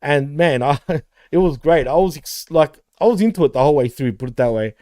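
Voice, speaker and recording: A man's voice: on the high side, lively intonation, a little fast, warm tone, dry recording, clean studio sound. A man co-hosting a wrestling podcast in casual chat, laughing often and swearing freely. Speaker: podcast co-host.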